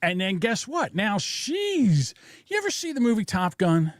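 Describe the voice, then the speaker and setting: A man's voice: high-pitched, wildly swooping pitch, measured pace, a little hiss or hum. A man co-hosting a podcast, giving blunt opinions in casual chat and rambling with restarts and fillers. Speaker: podcast co-host.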